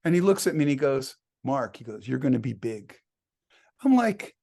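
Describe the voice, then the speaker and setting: A man's voice: mid-range voice, big pitch swings, normal speed, creaky, dark tone. A man, a songwriter guest in an interview, telling anecdotes casually, laughing often and acting out the dialogue he quotes.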